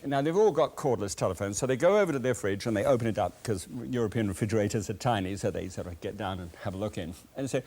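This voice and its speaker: A man's voice: on the low side, expressive, fast talker, hardly any pauses, darkish tone. A man hosting a cooking show, chatting straight to the viewer with playful, folksy asides.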